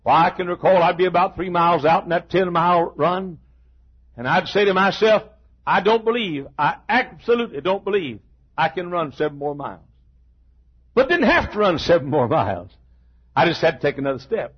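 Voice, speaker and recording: An older man preaching a sermon, emphatic, with stammered restarts and shouted peaks. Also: high voice, expressive, a little fast, breathy edge, highs cut off.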